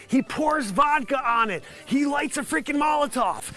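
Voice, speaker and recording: A man with a high, bright, forceful voice rambles through an improvised mock news report, piling absurd jokes on top of each other as a live comedy host. Soft music plays faintly behind him. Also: expressive, moderate pace. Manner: bursts into loud whooping.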